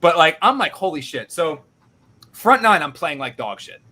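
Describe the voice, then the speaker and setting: A young man hosts a casual podcast, recounting a story with animated, self-deprecating energy. His voice is bright and sharp-edged and sits a bit high. He slips into the voices of the people he quotes. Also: moderate pace. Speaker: podcast host.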